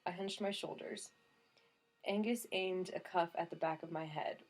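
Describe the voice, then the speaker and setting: A woman's voice: lowish voice, fairly even intonation, moderate pace. A woman narrating an audiobook in a wry first-person storytelling manner. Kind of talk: scripted narration.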